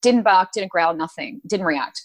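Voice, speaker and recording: A woman, a podcast guest telling personal stories in a lively, emotional way. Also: lowish voice, unhurried. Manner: animated, emotional storytelling. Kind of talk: casual storytelling chat.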